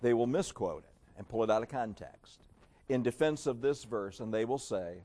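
A man preaching a sermon in an emphatic, sarcastic way, dropping to a hush and then rising again. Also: on the low side, normal speed. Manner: emphatic, sarcastic, swings between loud and hushed.

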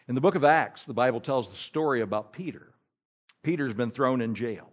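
A male pastor preaching a sermon, telling the story in an animated, humorous way. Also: mid-range voice, a little fast.

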